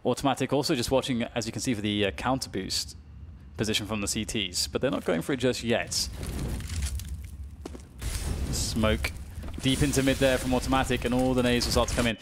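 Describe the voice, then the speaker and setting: A British man calls the action at a quick clip and climbs into excited shouts whenever a big play lands. His commentary sits over clear background noise from the broadcast booth. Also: medium pitch. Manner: fast, rising to excited shouts at big plays. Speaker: esports caster.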